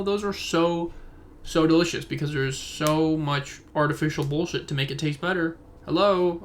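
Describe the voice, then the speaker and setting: Recording a rambling, tangent-filled solo podcast on his phone at home, a man in his twenties speaks a little fast. His voice is fairly high in pitch with a fairly bright tone.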